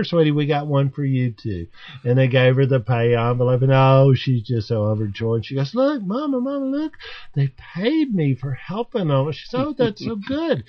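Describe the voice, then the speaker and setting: A man's voice: mid-range voice, dull audio. A male host telling a long joke in casual chat, rambling with many restarts. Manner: rambling, restarts, animated storytelling. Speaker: podcast host.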